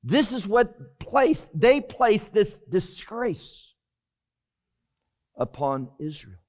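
A man preaching a Bible-teaching sermon, deliberate and emphatic, often dropping his voice low at the end of a phrase. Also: very animated, darkish tone. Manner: slow, deliberate, emphatic delivery with sudden drops in volume.

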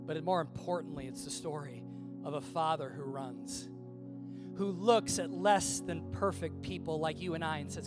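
A man with a high voice preaches a sermon to his church. He drops to quiet, low asides, then builds into loud, impassioned pleading. Clear music plays behind him the whole time. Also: normal speed. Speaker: pastor.

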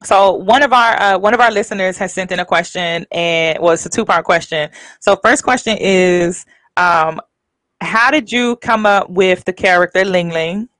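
Brief: easygoing host, mid-pitched voice, dry close sound. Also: normal speed, a bit bright, no room sound, rough recording. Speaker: radio show host. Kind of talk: live show hosting.

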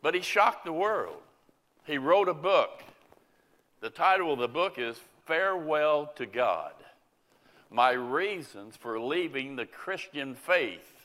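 A man preaching a sermon in slow, deliberate phrases, his voice bright and ringing. His earnest delivery swells into pleading questions, and the sound carries a long reverberant hall tail. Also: a little high, big pitch swings. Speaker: pastor. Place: Indianapolis area.

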